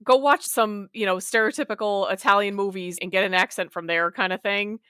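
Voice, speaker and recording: A woman co-hosting a podcast in casual chat, lively and chatty, laughing often. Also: mid-range voice, a little fast, clear, resonant tone, no echo, studio quality. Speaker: podcast co-host.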